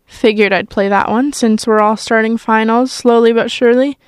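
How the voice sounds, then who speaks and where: A young college radio host in her twenties talks into a studio mic in a smooth, clear voice. Her chat is loose and rambling, full of fillers and little self-conscious asides. The sound is dry and close, with no room echo. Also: a little high, steady tone, normal speed. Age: 20s. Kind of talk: casual on-air chat.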